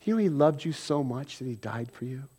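A man preaching a sermon in a conversational way, swinging between loud emphasis and quiet asides and acting out everyday quarrels in quick mock voices. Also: mid-range voice, animated, husky. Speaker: pastor.

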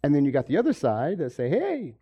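A pastor giving a sermon, moving from quiet stretches to loud, emphatic preaching and asking his congregation questions. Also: medium pitch, very animated, quick pace, muffled recording. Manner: asks the audience questions. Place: room with a congregation.

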